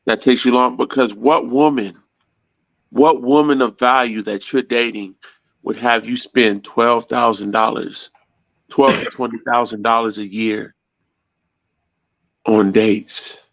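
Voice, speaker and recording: A man's voice: medium pitch, fairly even intonation, unhurried, pauses often, dry recording. A man in casual, opinionated podcast talk, blunt and repetitive, using homespun analogies and stumbling over restarts. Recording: dull lo-fi dry sound.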